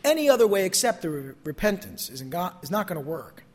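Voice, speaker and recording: Man preaching, high voice, scripture read with rising emphasis and low falls, reverberant church hall. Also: fast. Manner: expressive Bible reading, rising on quoted verses and dropping low on conclusions. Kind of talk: sermon. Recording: long reverb in a large hall.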